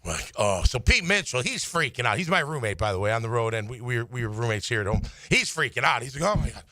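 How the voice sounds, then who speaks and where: A middle-aged man with a bright, forceful voice tells a story in a casual way. He jumps his pitch to act out the people he quotes. His sound is close and dry, with no room around it. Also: quick pace, no room sound. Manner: animated, acts out quotes with big pitch swings. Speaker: former player telling a story on sports radio.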